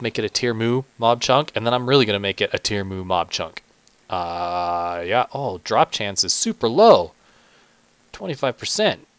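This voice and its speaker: A man's voice: on the low side, fairly bright tone, clear, resonant tone, no echo. A man hosting a gaming channel, giving chatty, self-deprecating let's play commentary, talking to himself with muttered asides and stumbling restarts.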